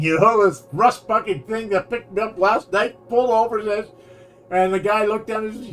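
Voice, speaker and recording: This Canadian streamer has a high voice and speaks at normal speed. During gameplay he launches into a long, rambling tale, stumbling over false starts and laughing throughout.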